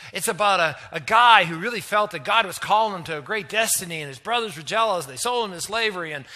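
Male pastor, high and very bright voice, animated storyteller in a sermon. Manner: animated storytelling, acts out quoted lines.

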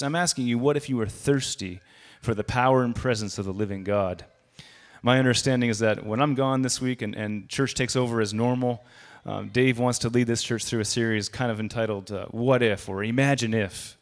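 A man's voice: medium pitch, brisk. A man giving a sermon as a guest preacher, speaking conversationally and raising his voice for quoted lines.

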